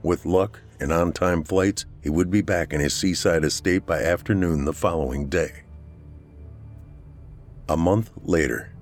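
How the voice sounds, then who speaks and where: Brief: male narrator, very deep voice, unhurried scripted storytelling, faint music underneath. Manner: slow, steady storytelling delivery.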